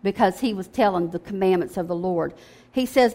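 A woman's voice: medium pitch, fairly quick, mellow. A woman preaching a sermon in a conversational, emphatic way, often checking in with "okay?".

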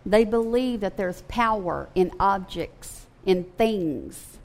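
A woman's voice: medium pitch, expressive, slow, a little mellow. A woman firmly and matter-of-factly commenting on a video clip she disagrees with. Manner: firm, matter-of-fact.

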